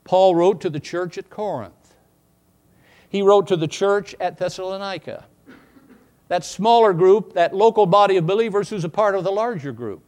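A man preaching a sermon, swinging from quiet asides to emphatic, rising bursts. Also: sits high, moderate pace. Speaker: pastor.

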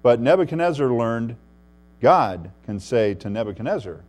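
Male pastor, sermon, mid-pitched voice, swings between loud and hushed, faint mains hum. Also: sing-song, normal speed. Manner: preaching with wide swings in loudness, dropping to a hushed voice for emphasis. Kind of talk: expository sermon.

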